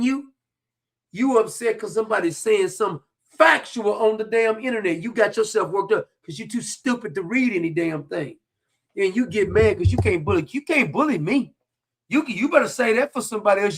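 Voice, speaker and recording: An online commentator from New York, USA, delivers a heated, combative rant, taunting, repeating his points and swearing freely. His voice is high and a bit bright.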